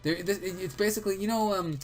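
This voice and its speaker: A man's voice: high voice, fast talker. A young man co-hosting a game let's play, chatting casually, rambling and joking at his own expense. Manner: joking, rambling, self-deprecating. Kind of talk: casual chat over gameplay.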